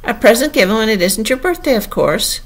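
A woman's voice: fairly high pitch, lively intonation, a little fast, pitched above the performer's own voice. A woman reading an audiobook and voicing a pompous, touchy egg-man perched on a wall, in a raised, blustering voice. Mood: lofty. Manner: blustering, haughty, loud. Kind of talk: audiobook character voice.

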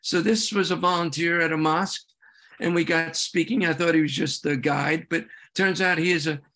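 A man giving an earnest, halting slide talk at a meeting, with many restarts and fillers. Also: fairly high pitch, fairly even intonation, bright, forceful tone. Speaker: presenter at a veterans' group meeting.

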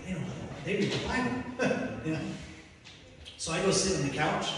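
A man preaching a sermon, telling his story in a lively way and acting out the voices of the people in it. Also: high-pitched, a little fast, long pauses, a crowd in the background. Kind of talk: sermon testimony. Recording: echoey hall from far off.

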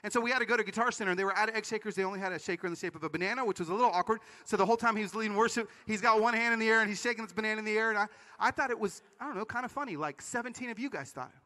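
A man giving an energetic conference sermon, telling stories with quick asides. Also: sits high, long reverb tail. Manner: animated storytelling with quick asides. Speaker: conference speaker. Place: large conference hall.

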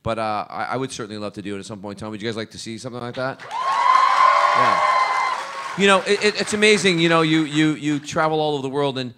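A man from Scotland, a guest actor on a convention panel, telling stories in a lively, laughing way and often restarting his sentences. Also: medium pitch, fast talker, a little hiss or hum. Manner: lively, laughing storyteller who stumbles and restarts. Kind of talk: casual panel storytelling.

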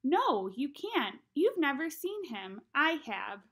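A woman's voice: high voice, big pitch swings, slow pace, a bit bright, voice pushed up, full character voice. A woman voicing an exasperated schoolboy of about ten who argues emphatically, reading a storybook aloud. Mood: protesting. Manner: emphatic, protesting.

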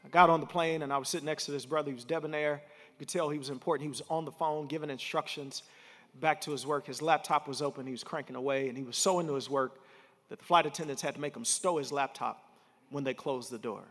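A man's voice: fairly high pitch, steady tone, quick pace, fairly bright tone. A man preaching a sermon as pastor, telling a story and building to emphatic points. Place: large church sanctuary. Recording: reverberant church hall.

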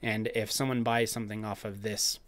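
A man who is slightly hoarse hosts a live show, chatting casually as he reads viewers' comments and keeps asking "okay?". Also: lowish voice, flat delivery, brisk. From Utah. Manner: chatty, repeats "okay?" often. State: slightly hoarse, clearing his throat. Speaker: host of a live raw dog-feeding show. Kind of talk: casual livestream talk, reading chat.

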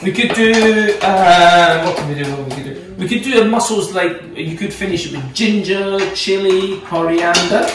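A man's voice: sits high, normal speed, few pauses, background noise. A man with a Scottish accent, a chef casually teaching a home cooking demonstration in a playful, chatty way while joking with his kids. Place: home kitchen. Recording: echoey kitchen, mic far off, clattering pans.

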